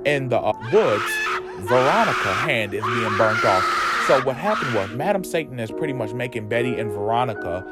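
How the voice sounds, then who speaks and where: A man's voice: medium pitch, expressive, normal speed. A man giving a campy, sassy, profane recap of a TV show. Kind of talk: casual TV recap. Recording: music playing under voice.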